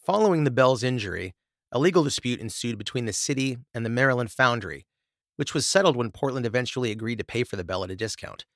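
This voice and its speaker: Podcast host, male, reads scripted notes, mid-pitched voice, dry close sound. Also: no room sound. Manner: reads researched notes, then stumbles and laughs in asides. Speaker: podcast host reading the story. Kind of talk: scripted narration with casual asides.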